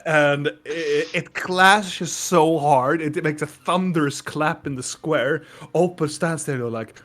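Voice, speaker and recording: A man's voice: fairly high pitch, takes it slowly, fairly bright tone. A man narrating as game master of a tabletop game, laughing often.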